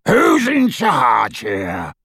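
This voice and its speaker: A man's voice: medium pitch, sing-song, slow pace, no room sound, studio quality, exaggerated voice. A man voicing a menacing, brutish male werewolf thug who growls and snarls his words. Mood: gruff. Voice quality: gravelly, husky. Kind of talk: audiobook character voice.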